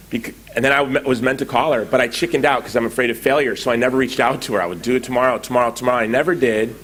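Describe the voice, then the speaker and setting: A middle-aged man giving a conference talk, telling a story with lively acted-out quotes. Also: medium pitch, husky. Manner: animated storytelling, acting out quoted dialogue. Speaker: conference speaker. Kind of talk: anecdotal public talk. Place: conference hall.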